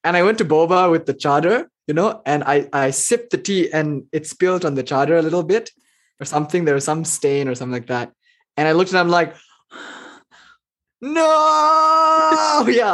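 A man giving a casual spiritual talk, telling stories and acting out quotes with big jumps in pitch. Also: quick pace. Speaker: spiritual teacher.

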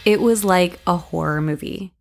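A woman hosting a podcast, telling scripted memoir stories with wry, deadpan humor. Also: lowish voice, moderate pace, creaky, soft background music. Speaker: podcast host.

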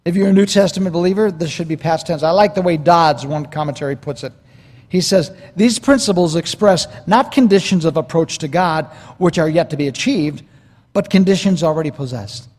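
A man preaching a verse-by-verse sermon as pastor, swinging from emphatic lines into quiet asides. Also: a little high, fairly quick. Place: church sanctuary. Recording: long hall reverb.

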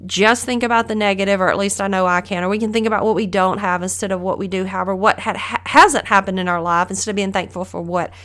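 A woman's voice: mid-range voice, steady tone, quick pace, hardly any pauses, a bit bright. A middle-aged woman hosting a podcast, giving a casual, earnest Bible lesson and asking the listener questions. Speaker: podcast host teaching the Bible. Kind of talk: casual devotional teaching.

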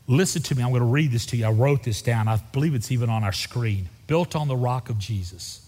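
A middle-aged pastor preaching a sermon, moving from folksy storytelling to fervent exhortation. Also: male voice, medium pitch. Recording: reverberant church hall.

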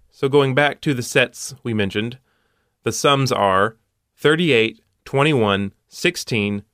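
A man's voice: fairly low pitch, fairly bright tone, no room sound. A man hosting a puzzle show, walking through solutions step by step with dry punning asides.

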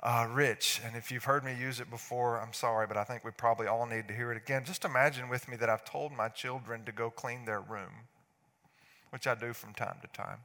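A man in his forties preaching a sermon, swinging from hushed asides to loud outbursts. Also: mid-range voice, fairly even intonation, fairly quick. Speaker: pastor. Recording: echoey hall.

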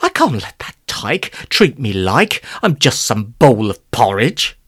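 A man's voice: big pitch swings, slow pace, a bit bright, slightly rough, heavily acted. A man voicing a fretful, panicky schoolboy in a storybook reading. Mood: determined. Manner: fretful, high-pitched panic. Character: anxious schoolboy.

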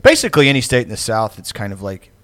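Podcast co-host, man, rambling casual storyteller with a lively, up-and-down pitch and a dry, close sound. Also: quick pace, dry recording. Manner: rambling, profane, lots of fillers; laughs often. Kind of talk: casual chat.

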